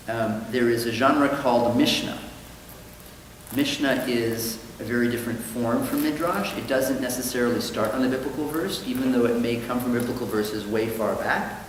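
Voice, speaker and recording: A man's voice: mid-range voice, slight background noise. Male rabbi teacher, chatty lecture, very reverberant hall. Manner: conversational, explanatory, with ums. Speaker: rabbi teaching a study class. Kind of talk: lecture with storytelling. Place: synagogue hall. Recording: echoey hall with long reverb.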